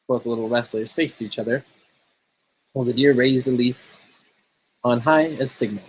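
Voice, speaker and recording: A man casually reading a fairy tale aloud in a relaxed, steady way. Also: medium pitch, normal speed, long pauses, a little hiss or hum, low-quality recording. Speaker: storyteller.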